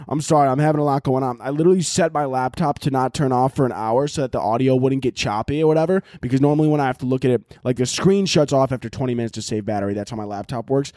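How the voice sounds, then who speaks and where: A young man hosting a solo podcast at home, talking in a loud, profane, animated rant and shouting at times, recorded on laptop audio. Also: mid-range voice, fast, dry recording, clean studio sound. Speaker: podcast host.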